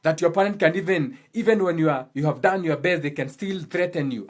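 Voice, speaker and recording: A channel host delivers a blunt, impassioned monologue, swearing a lot and repeating phrases for emphasis. His voice is fairly high, and he speaks briskly with few pauses.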